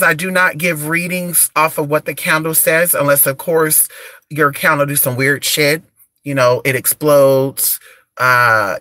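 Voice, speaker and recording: A woman who does spiritual candle services, talking in a blunt, profane rant, her voice raspy from just waking up. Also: low-pitched, sharp tone, no echo. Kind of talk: casual rant to camera.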